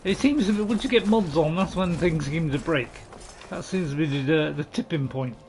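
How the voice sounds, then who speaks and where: High-voiced chatty man gaming. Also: normal speed, a little mellow, slight background noise. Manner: chatty and jokey, bantering with game characters. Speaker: gaming channel host. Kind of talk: casual let's-play commentary.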